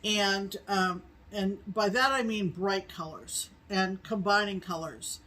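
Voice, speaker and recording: Casting: middle-aged woman co-host, unhurried, meandering with ums, from New England. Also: mid-range voice, fairly bright tone, low-quality recording. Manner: slow, rambling with many ums. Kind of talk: casual chat.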